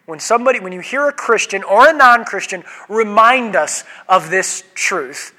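A man's voice: sits high, expressive, moderate pace, pushed and bright, long reverb tail. A man who is a pastor, preaching a sermon in a conversational, joking way and putting questions to his congregation.

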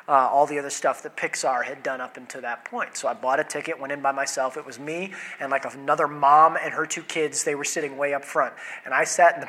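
A man's voice: mid-range voice, bright, forceful tone, low-quality recording. A man in his thirties preaching a sermon in a church, chatting playfully with the congregation. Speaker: pastor. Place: church sanctuary.

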